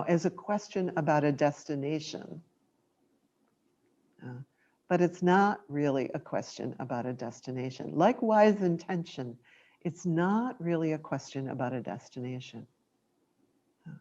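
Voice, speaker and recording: A woman with a low voice gives a dharma talk as a meditation teacher. She speaks gently and reflectively, taking her time. The recording is dull and lo-fi.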